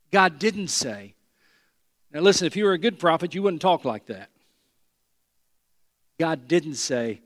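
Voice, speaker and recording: A man preaching to his congregation, his voice a touch high for a man. He drives points home by repeating key words. His voice rings with the long reverb of a large church hall. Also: big pitch swings, unhurried, pauses often. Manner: earnest, repetitive emphatic preaching. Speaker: pastor. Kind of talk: sermon.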